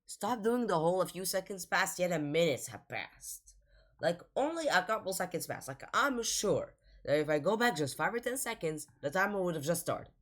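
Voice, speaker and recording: Low woman's voice, animated, exasperated reaction host, rambling casual talk. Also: normal speed.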